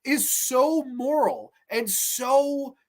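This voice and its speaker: A man hosting a horror podcast, casually reviewing episodes with excited, profane chatter. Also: very high voice, drawn-out words. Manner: excitable, profane, laughs while retelling.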